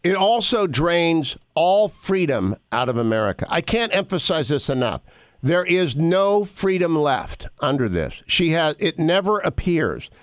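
A man's voice: a little high, big pitch swings, dry recording. Emphatic male radio host, dry studio. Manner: emphatic, deliberate, reads text aloud. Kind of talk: radio talk show hosting.

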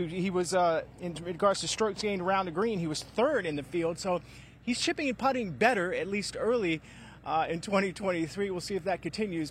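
A man reporting live from a golf course, reeling off stats briskly and trading dry jokes. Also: high voice, slight background noise. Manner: stat-heavy, brisk, dry joking. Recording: faint outdoor ambience.

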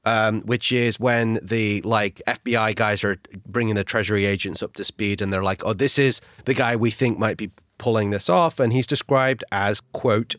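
A man's voice: lowish voice, fairly even intonation, normal speed, hardly any pauses, fairly bright tone, no room sound, studio quality. A man co-hosting a podcast in casual chat, speaking wryly, reading quotes from his notes and laughing at his own asides. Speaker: podcast co-host.

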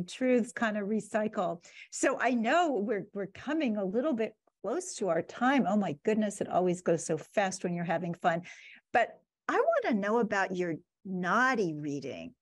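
A woman hosting a podcast, speaking slowly and enthusiastically. The recording is dry and close, with almost no room sound. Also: medium pitch, expressive, no room sound. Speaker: podcast host. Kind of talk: casual interview chat.

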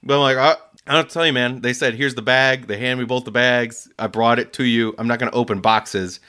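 A man's voice: mid-range voice, fairly quick, clear, resonant tone. A man casually telling a story about a delivery, laughing often and acting out the people he quotes. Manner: animated, laughs often, acts out voices in quotes.

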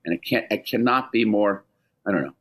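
This is a man with a husky, slightly low voice being interviewed on radio. He speaks with urgent insistence and frequently stops and restarts his sentences. He pushes every point hard. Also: a little fast, a bit bright. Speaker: ambassador, interview guest.

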